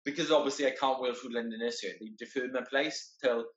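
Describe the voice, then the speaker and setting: A man's voice: medium pitch, fairly even intonation, a little fast. A man speaking earnestly in a casual conversation, often stopping and repeating his words. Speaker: guest, wheelchair marathon entrant. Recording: roomy, dull lo-fi sound.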